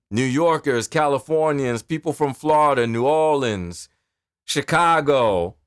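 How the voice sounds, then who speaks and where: Man, New York accent, voice actor, lively swooping pitch, very dry close sound. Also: dry recording. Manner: expressive, emphatic storytelling delivery. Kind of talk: direct-to-camera talk.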